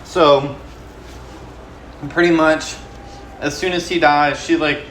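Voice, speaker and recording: Young guy rambling thru a movie recap, kinda high voice, echoey room, loud noise behind. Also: steady tone, slow. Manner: rambling, slangy, filler-heavy storytelling. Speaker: YouTuber.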